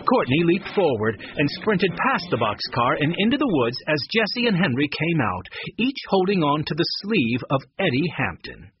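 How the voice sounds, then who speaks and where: A man narrating a children's mystery story aloud in an expressive, lively way. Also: fairly high pitch, moderate pace, hardly any pauses, dull audio, a little hiss or hum. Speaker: audiobook narrator.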